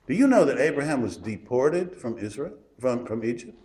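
A man preaching a sermon, his voice sitting at an ordinary middle pitch. He talks in a homespun, emphatic manner and drops from loud declarations to near-hushed asides. The recording carries a roomy echo. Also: big pitch swings, normal speed.

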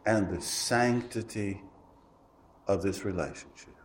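A man preaching a sermon in a folksy, emphatic way, swinging from loud declarations to hushed asides. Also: medium pitch, animated, unhurried. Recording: roomy echo.

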